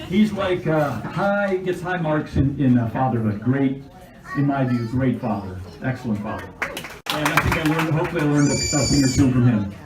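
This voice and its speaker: A man's voice: medium pitch, normal speed, heavy background noise. A middle-aged man giving a humorous birthday toast to his father, reading jokes from a list. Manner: dry jokes, laughing along. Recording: echoey room from far off.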